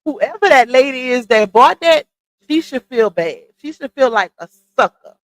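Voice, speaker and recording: A woman with a slightly high voice and runs a casual livestream, talking bluntly and with exasperated, gossipy commentary. She is recorded close up on a dry mic. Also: animated, moderate pace, no echo, rough recording. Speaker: livestream host.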